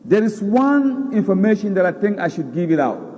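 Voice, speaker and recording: A man's voice: high voice, big pitch swings, moderate pace, dark tone, in a large hall, muffled recording. A man preaching a sermon, emphatic, repeating words for stress. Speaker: Islamic preacher. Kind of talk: sermon lecture.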